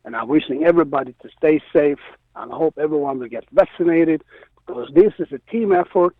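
Animated man on a tinny phone line. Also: a little high, brisk, no echo. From Israel. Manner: animated, acts out quotes. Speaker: guest musician. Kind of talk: storytelling interview.

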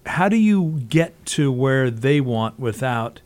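A man's voice: medium pitch, lively intonation, takes it slowly, darkish tone. A man with an ordinary mid-range voice hosts the interview. He asks curious questions and keeps the talk going with brief encouraging replies. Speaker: interview host. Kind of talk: interview conversation.

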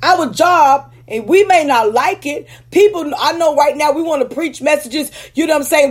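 A woman preaching a teaching sermon to ministers. She speaks emphatically, slows down to stress key words, and keeps checking in with "Okay?". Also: high voice, lively intonation. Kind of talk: teaching sermon with scripture readings.

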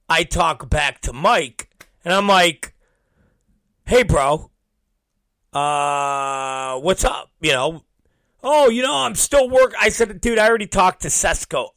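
A man telling a profane story, acting out both sides of old conversations and mimicking others in low, mumbling voices. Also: bright, forceful tone, no room sound, clean studio sound. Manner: acts out both sides of conversations, swears constantly.

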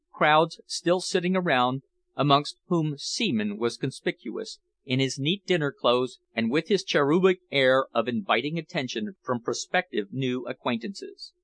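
Male audiobook narrator, measured, mid-pitched. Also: a bit bright. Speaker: audiobook reader. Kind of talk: scripted narration.

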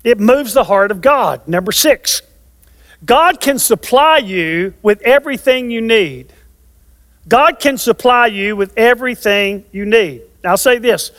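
High-voiced older man preaching in a hall. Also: animated, a little slow, fairly bright tone. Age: 60s. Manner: emphatic, repeats key phrases for stress. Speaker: pastor. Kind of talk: sermon. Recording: long reverb of a large hall.

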